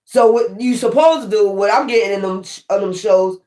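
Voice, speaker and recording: In an echoey room, a woman with a medium-pitched, mellow voice speaks briskly as she delivers a laid-back spiritual tarot reading. Her style is profane and emphatic, full of swearing and repeated points.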